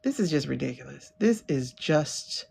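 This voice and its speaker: Woman streamer, AAVE, incredulous running commentary, voice swings high and low. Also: lively intonation, moderate pace, creaky, a little mellow, slightly rough. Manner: incredulous, talks back at the screen. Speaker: livestream host. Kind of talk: casual livestream commentary.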